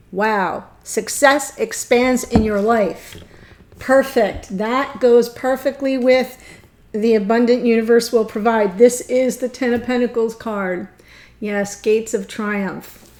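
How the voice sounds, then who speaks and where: Excitable woman tarot reader, choked up. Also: fairly high pitch. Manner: excitable, gushing, emotional. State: choked up, near tears. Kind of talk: tarot reading monologue.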